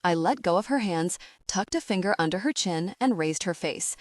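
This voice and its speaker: A woman narrating a first-person romance audiobook in a steady, even storytelling voice. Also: lowish voice, normal speed, hardly any pauses, dry recording, studio quality.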